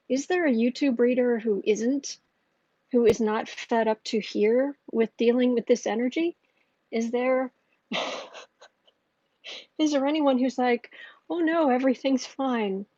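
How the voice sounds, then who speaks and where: Woman tarot streamer, husky and fairly high, rambling casual chat, muffled lo-fi mic. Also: dark tone, dry recording. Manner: rambling, chatty, self-interrupting with restarts. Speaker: astrology and tarot livestream host.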